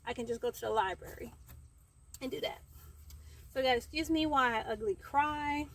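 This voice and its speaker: A woman's voice: high-pitched, normal speed, rough recording. A young woman vlogging outdoors in the heat, chatty and rambling with fillers, somewhat out of breath. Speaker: book vlogger. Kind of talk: casual chat. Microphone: camera framing herself.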